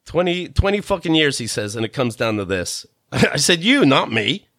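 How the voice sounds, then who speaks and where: A man hosting a podcast, delivering an exasperated, profanity-filled comedic rant that swings between mutters and shouts. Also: fairly high pitch, big pitch swings, moderate pace. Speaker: podcast host.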